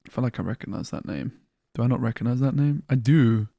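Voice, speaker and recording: A man's voice: medium pitch, fast talker, dark tone, no room sound. A man hosting a livestream, chatting casually and joking with slang. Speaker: stream host.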